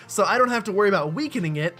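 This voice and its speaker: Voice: mid-range voice, animated, fast talker, pushed and bright, soft background music. A let's-play host giving casual, rambling, self-mocking commentary while playing a game at a desk mic. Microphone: desk mic with webcam.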